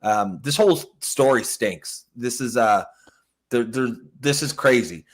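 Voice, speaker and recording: A man's voice: medium pitch, measured pace. A man co-hosting a political talk show, talking bluntly and profanely with many stammered restarts. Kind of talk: casual political commentary.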